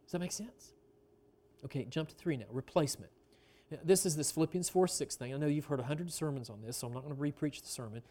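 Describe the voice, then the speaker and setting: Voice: mid-range voice, fast talker, dark tone. A pastor preaching a sermon in a conversational way, often asking the congregation questions and stretching out key phrases for emphasis.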